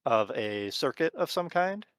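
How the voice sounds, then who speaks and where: A man narrating as game master of a tabletop horror game, talking in a relaxed, rambling way with lots of fillers. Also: on the high side, measured pace, clean tone, no echo.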